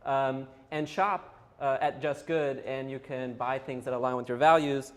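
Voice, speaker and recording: Male founder guest, mid-pitched, quick chatty plugs. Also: steady tone. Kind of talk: live-stream chat. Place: broadcast set in Philadelphia.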